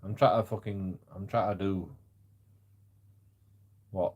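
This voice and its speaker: A man with a deep, husky voice rants on a live stream. He stammers through his sentences and swears often. His volume jumps from loud bursts down to low mutters. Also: fairly even intonation, takes it slowly, lo-fi sound. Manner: stammering, profane, swings between loud and muttered. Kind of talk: rambling live-stream rant.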